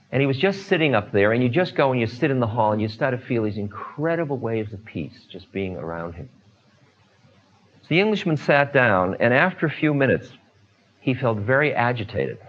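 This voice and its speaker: An older man in a relaxed storytelling talk, unhurried, trailing off into fillers and asides as a spiritual teacher. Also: medium pitch, muffled recording. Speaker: spiritual teacher telling stories.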